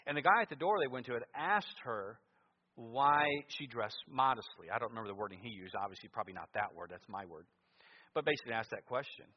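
A man preaching a sermon in a church, moving between loud emphatic lines and quiet asides. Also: medium pitch. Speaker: pastor. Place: church sanctuary. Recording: muffled sound with long church reverb.

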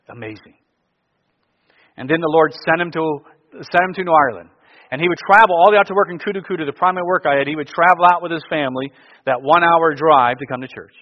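Man preaching with loud and quiet swings. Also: a little high, lo-fi sound. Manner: storytelling, swinging from loud bursts to quiet asides. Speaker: pastor. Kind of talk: sermon.

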